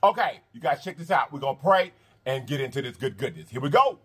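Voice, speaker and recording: A man hosting a mukbang eating video in casual chat, animated and repetitive, calling his viewers y'all and honey. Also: mid-range voice, quick pace, breathy edge. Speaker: mukbang host. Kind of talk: casual eating vlog talk.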